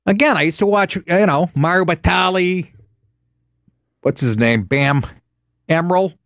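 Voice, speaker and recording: A man's voice: high voice, measured pace, a bit bright, dry recording, clean studio sound. A middle-aged man hosting a comedy talk show, ranting sarcastically with profanity and frequent laughs. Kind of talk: comedic radio show banter.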